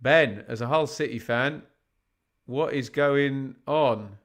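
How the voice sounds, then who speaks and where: A mid-range male voice takes it slowly as he hosts a football watch-along live. He chats with the audience, reads out the other games' scores and asks his chat rhetorical questions, all in a fan-commentary style.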